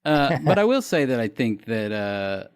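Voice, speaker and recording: A man in relaxed podcast chat, mid-pitched and meandering, stopping and restarting his thoughts. The sound is dry and close, with no room in it. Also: normal speed, clear, resonant tone, no echo. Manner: rambling, hesitant, many restarts. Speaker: podcast co-host. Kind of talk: casual chat.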